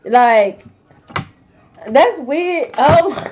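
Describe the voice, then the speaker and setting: A woman's voice: high-pitched, animated, drawn-out words, darkish tone, a little hiss or hum. A young woman giving a casual tarot reading to her viewers, blunt and profane, full of slang. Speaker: tarot reader. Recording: dull lo-fi recording.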